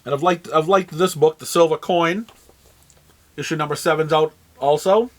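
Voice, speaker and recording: A man with a New England accent and a high voice talks casually through a shop's new arrivals. He rambles, trails off and restarts his phrases, with plenty of ums along the way. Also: moderate pace. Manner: rambling, with frequent fillers and restarts. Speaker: comic shop host. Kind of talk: casual product rundown.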